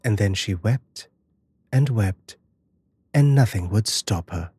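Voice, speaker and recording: Husky, slow man narrating a dark fairy tale. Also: fairly low pitch, animated, no room sound, clean studio sound. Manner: measured, dramatic storytelling.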